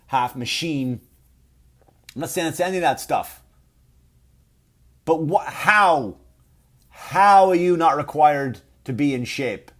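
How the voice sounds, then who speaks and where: A man, hosting a comedy podcast and telling a story as a rant, full of swearing and acted-out quotes. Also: medium pitch. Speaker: podcast host.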